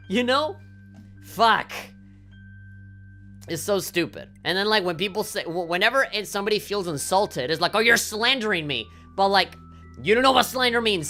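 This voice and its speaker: Bright-voiced woman ranting profanely. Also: mid-range voice. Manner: profane, heated ranting with many fillers. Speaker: game streamer. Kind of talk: ranting livestream chat.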